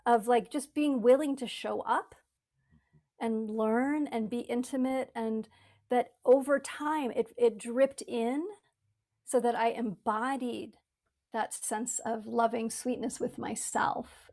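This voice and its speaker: A woman with a fairly high voice, talking in an earnest, reflective way. She often restarts her sentences and acts out the voices in her head as she goes. She is a spiritual author and teacher, speaking in a conversation. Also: fairly even intonation, slow, a little mellow.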